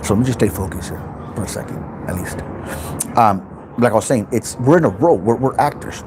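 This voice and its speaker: A man's voice: fairly low pitch, animated, fairly quick, noisy background. A man hosting his own self-help channel, giving an intense, unscripted motivational talk in which he repeats points and swears freely.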